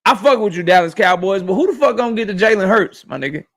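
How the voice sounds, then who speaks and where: Male streamer-host, high voice, profane, animated casual rant to chat. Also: fast. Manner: profane, animated, talks straight to his chat. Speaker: boxing YouTube host.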